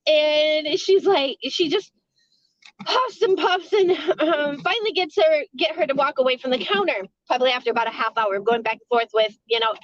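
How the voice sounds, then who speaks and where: A woman's voice: sits high, moderate pace, no room sound, dull audio. A woman telling a casual storytime about a night at work, rambling, swearing and laughing often.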